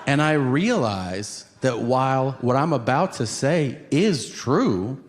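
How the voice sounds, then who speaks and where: A middle-aged man doing stand-up storytelling on stage, animated and jumping into loud acted quotes. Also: mid-range voice, takes it slowly, long reverb tail. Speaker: stand-up comedian. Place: comedy stage. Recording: live stage recording with audience noise.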